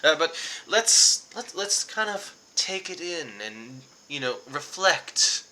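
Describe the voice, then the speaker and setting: A man's voice: on the high side, very animated, slow, bright, forceful tone, heavily acted. A man doing a boastful blustering hunter. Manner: boastful, flustered and rambling. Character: blustering, sweaty middle-aged male big-game hunter.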